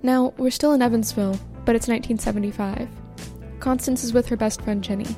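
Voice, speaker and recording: A woman hosting a podcast, calmly reading scripted documentary narration. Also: a little high, music in the background. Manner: calm, measured scene-setting. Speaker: podcast host.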